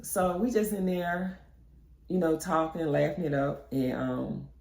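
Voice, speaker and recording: Young woman vlogger, chatty storytime, lowish mellow voice, echoey room. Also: a little slow, gravelly. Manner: chatty, animated storytelling with laughs. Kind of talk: storytime narration.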